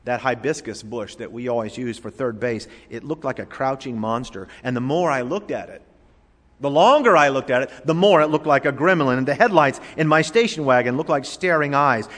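A man's voice: mid-range voice, lively intonation, brisk. Man preaching in a reverberant hall. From Florida. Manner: emphatic preaching, swinging from loud to hushed. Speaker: pastor. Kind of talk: sermon.

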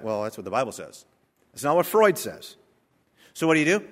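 Emphatic pastor preaching in a reverberant hall. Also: male voice, medium pitch, sing-song, normal speed. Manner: emphatic, rising to loud stressed peaks. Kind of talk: sermon.

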